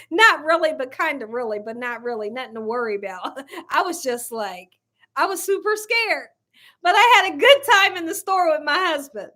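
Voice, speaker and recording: A high, bright-voiced woman chats on a cooking livestream. Her pitch swings widely, and she laughs often, speaking to viewers as y'all. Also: animated, a little fast. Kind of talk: casual live chat reading viewer comments.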